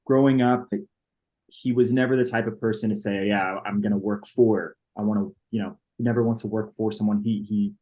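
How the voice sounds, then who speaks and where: A man's voice: lowish voice, fairly quick. Young man in his twenties, hesitant. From Dallas, Texas. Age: 20s. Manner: relaxed, somewhat hesitant, repeats words. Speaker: podcast guest, entrepreneur. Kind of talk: casual interview answers.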